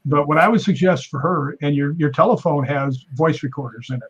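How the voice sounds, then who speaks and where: Speaking briskly with a breathy edge over dull-sounding audio, a man guests on a podcast as a stuntman and paranormal investigator. He narrates casually and energetically, acting out quoted voices with a lifted pitch.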